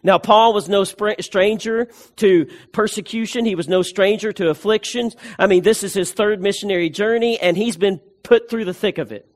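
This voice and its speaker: High-voiced emphatic male preacher. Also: normal speed, hardly any pauses. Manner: emphatic, repeats key phrases, frequent restarts. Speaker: pastor. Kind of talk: sermon.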